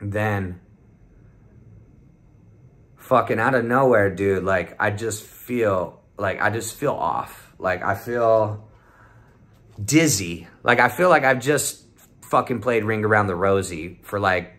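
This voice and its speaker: A man's voice: on the low side, slow pace, pauses often, a bit bright. A young man telling a rambling, heavily profane story in a casual vlog, often acting out what his friends said. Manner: profane, rambling, swears constantly; acts out the voices of friends in quotes. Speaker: vlogger telling a trip report.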